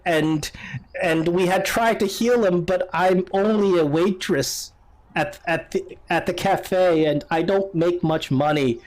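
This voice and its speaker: A man voicing a poor grieving mother who is halfway sobbing, in a high wavering voice. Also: slow, a little mellow.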